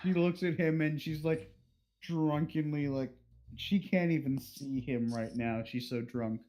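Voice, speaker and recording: A man's voice: a little high, fairly even intonation, measured pace, a little mellow. A man narrating as game master, crude and playful, slipping into characters' voices.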